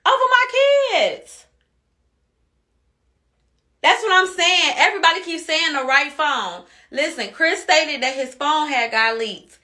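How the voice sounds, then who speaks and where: An upset mother rants on social media with a bright, sharp voice. She cusses, circles back to the same points and stays heated throughout. Her pitch sits high for a woman. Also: moderate pace. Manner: heated, cussing, repeats herself. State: upset and angry. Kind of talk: angry social media rant.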